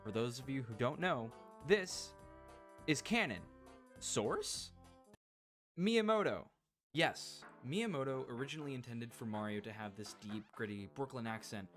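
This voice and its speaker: A man's voice: mid-range voice, a bit bright. A man narrating a casual video essay in a chatty, wry way, full of "like" fillers, recorded on a home voice-over mic.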